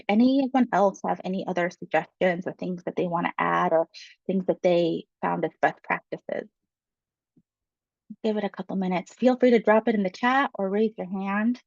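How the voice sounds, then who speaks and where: Woman workshop facilitator, friendly and chatty, slight vocal fry, dull video-call audio. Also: lowish voice, normal speed, darkish tone, no echo. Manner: friendly, conversational, with frequent um fillers. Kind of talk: webinar presentation.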